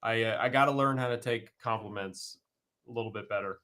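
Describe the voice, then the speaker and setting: Man, from California, host, casual chat, earnest, halting, video call. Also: mid-range voice, bright, forceful tone, a little hiss or hum. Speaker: filmmaker host.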